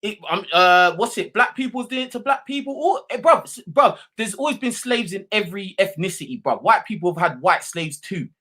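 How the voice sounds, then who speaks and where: A man's voice: high-pitched, lively intonation, a little fast, hardly any pauses, bright, forceful tone. A man with a London accent hosting a live call-in show, arguing hard with a caller, swearing and repeating slang tags while talking over him. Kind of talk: heated live call-in argument.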